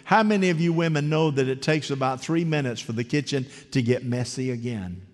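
A man's voice: mid-range voice, fairly quick. A man preaching a conversational, story-driven sermon who keeps asking the congregation questions. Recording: long hall reverb.

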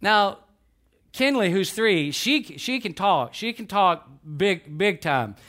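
Older male pastor, folksy storytelling preacher with a somewhat high voice. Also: lively intonation, takes it slowly, fairly bright tone. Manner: folksy, asks the congregation questions. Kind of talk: sermon.

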